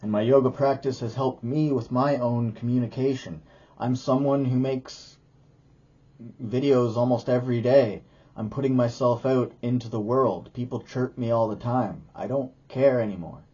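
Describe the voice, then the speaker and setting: A man talks to camera about his yoga practice in a dark, husky voice, rambling loosely and restarting his thoughts. The sound is dull and muffled. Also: mid-range voice, fairly even intonation, moderate pace. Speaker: yoga teacher and video creator. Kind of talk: casual talk to camera.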